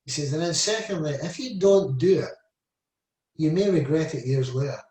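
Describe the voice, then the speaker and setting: Warm in tone and a little high, this seventy-something Scottish man's lively voice moves at a moderate pace. He's a former footballer being interviewed, casually meandering through anecdotes with plenty of "you know" and "I said." The mic is far off in an echoey room, so the sound is roomy and distant.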